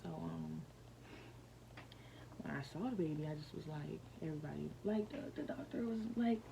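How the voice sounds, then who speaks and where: A woman vlogger tells a personal story in a loose, rambling way, full of fillers and restarts. Her voice sits low and has a gravelly edge. Steady noise hums clearly behind her. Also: normal speed. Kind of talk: casual storytelling.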